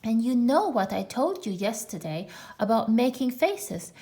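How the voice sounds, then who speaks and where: A woman's voice: on the high side, sing-song, unhurried, mellow. A woman voicing a kindly but firm mother kangaroo in a storybook reading, cheerful and soothing.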